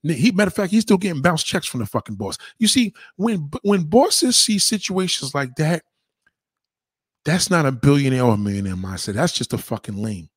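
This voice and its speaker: A husky-voiced man rants, sweary and heated. His voice swings up and down all over, and the sound is dry and close. He jumps from loud bursts to low muttering. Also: big pitch swings, moderate pace, dry recording. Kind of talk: profane ranting monologue.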